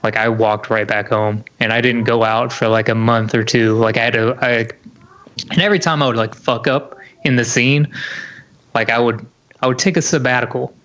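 A man's voice: mid-range voice, steady tone, moderate pace, fairly bright tone. Young guy telling a story, says like a lot, swears, mid voice. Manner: swears a lot, lots of "like" and "you know". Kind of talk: casual storytelling.

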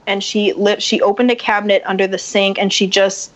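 A woman's voice: mid-range voice, a little fast. A woman guest on a podcast, telling a story in casual talk and acting out what others said. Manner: animated, acts out quotes. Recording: dull lo-fi sound.

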